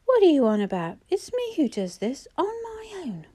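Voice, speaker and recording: A thick, husky mother, middle-aged and sullen, who snaps and screeches at anyone who crosses her, as a female narrator puts her on. Her voice pushes high and loud above the reader's own mellow tone. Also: big pitch swings, normal speed. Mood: hostile. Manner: shrill, aggressive screech. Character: hostile middle-aged mother, chain-smoking, bullying.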